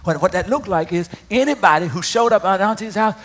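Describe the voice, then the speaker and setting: A male pastor delivering a sermon, emphatic, restarting his phrases and swinging from quiet moments to loud ones. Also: high-pitched, animated, a little fast, a little hiss or hum.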